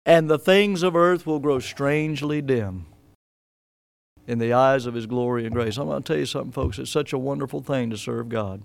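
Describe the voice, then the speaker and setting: A man preaching a sermon as pastor, rising to loud emphatic peaks and dropping to soft, low asides. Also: fairly even intonation, normal speed, creaky. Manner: preaching with sudden loud rises and soft drops.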